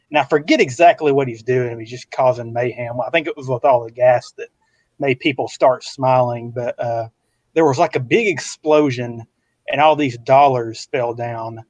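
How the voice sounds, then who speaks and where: A man's voice: medium pitch, no echo. Male podcast co-host, laid-back storyteller, muffled dry lo-fi sound. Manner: relaxed storytelling, many fillers like "like". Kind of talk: casual chat.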